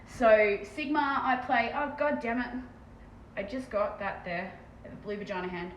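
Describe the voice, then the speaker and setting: Fast-talking Australian woman, echoey room. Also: on the high side. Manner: very fast, chatty, swears casually. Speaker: live streamer and terrain painter. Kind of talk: casual live-stream chat. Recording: echoey room with faint background noise.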